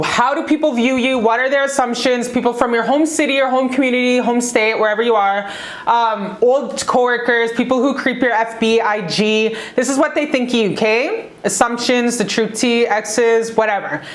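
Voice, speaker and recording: A woman's voice: fairly high pitch, moderate pace. A woman giving a casual tarot reading to camera, emphatic and profane, with big swings in her delivery. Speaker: tarot reader. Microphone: talking to camera.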